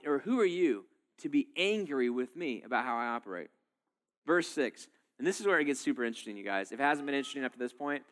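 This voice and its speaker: Animated, chatty male pastor preaching. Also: on the high side. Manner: casual, animated preaching with many fillers. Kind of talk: sermon.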